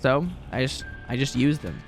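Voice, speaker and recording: A man's voice: mid-range voice, lively intonation, normal speed, vocal fry, over music. A young man casually commenting on his gameplay from a room at home, rambling and chatty with a self-deprecating manner. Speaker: gaming commentator.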